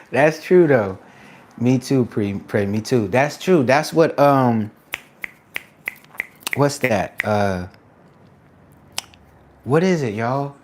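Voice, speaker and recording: Animated man chatting on a livestream. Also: mid-range voice, drawn-out words, long pauses, slight background noise. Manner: excited shout-outs to viewers, slangy and animated; drops to a soft, quiet reflective tone. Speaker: artist live-streaming to viewers. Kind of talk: casual livestream chat.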